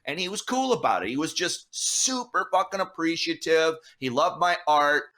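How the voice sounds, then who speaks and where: Bright-voiced man telling a wild story. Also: fairly high pitch, normal speed. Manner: animated, swearing, acts out dialogue. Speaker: guest artist. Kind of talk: casual storytelling.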